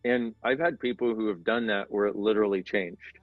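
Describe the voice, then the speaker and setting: A man's voice: lowish voice, steady tone, a little fast, no room sound. A middle-aged man, an interview guest, explaining things in a casual, earnest and rambling way with self-deprecating asides. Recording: dull sound with faint background music.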